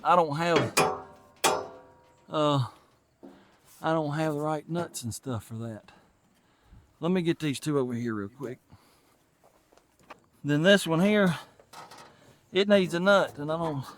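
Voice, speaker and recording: Talking casually to the camera, a Tennessee mechanic with a Southern US accent thinks aloud while he fixes an old truck in his garage. He hosts the channel, and his voice runs a little high over slight background noise.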